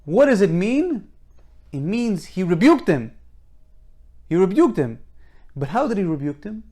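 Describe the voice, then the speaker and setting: A man's voice: sits high, very animated, a little slow, dark tone. A man giving an informal Torah lecture, emphatic and full of rhetorical questions, often restarting his sentences. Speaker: Torah teacher.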